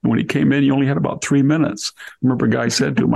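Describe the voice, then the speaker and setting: A man's voice: medium pitch, fairly even intonation, rapid-fire, vocal fry, hardly any pauses, a little mellow, husky. An older man telling wry stories of his school days in casual conversation, laughing as he goes. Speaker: podcast host. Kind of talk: conversational storytelling.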